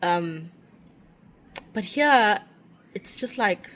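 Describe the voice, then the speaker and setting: A woman's voice: medium pitch, moderate pace. A young woman with a South African accent, a teacher abroad, chatting and ranting casually while walking outdoors with a phone. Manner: chatty ranting, animated and expressive. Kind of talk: casual walking vlog chat.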